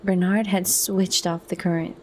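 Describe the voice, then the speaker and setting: A woman reading a novel aloud as an ASMR audiobook, in a soft, measured manner. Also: fairly low pitch, flat delivery, slight background noise. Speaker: reader.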